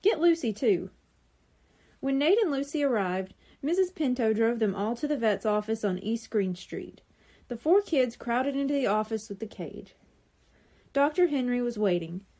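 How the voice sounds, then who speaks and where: A woman reads a children's chapter book aloud for a library. Her mellow voice sits fairly high and moves expressively. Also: moderate pace. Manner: expressive, clear storytelling. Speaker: library storyteller.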